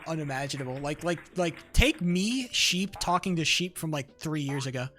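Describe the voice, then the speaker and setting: A man's voice: a little high, bright, forceful tone. Heated young man ranting on stream. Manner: rambling, heated, many fillers and restarts, swears. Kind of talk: casual livestream rant. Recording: faint music behind.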